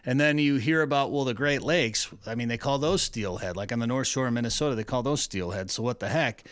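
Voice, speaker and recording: A male radio host with a bright, forceful voice, telling stories and running trivia in an easygoing, rambling way. The studio sound is dry and close. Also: mid-range voice, brisk, no echo. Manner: chatty, loose storytelling with restarts. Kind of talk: casual radio banter and trivia.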